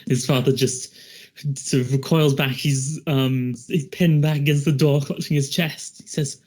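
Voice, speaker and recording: A man's voice: medium pitch, fairly even intonation, measured pace, darkish tone. A young man narrating a tabletop horror game as game master, hesitant and full of restarts. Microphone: podcast mic.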